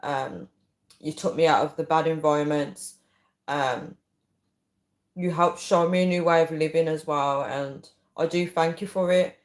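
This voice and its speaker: A woman's voice: deep voice, steady tone, measured pace, roomy sound. A woman hosting a casual livestream, rambling chattily with frequent ums as she reads viewer comments. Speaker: livestream host. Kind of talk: casual live chat, reading viewer comments.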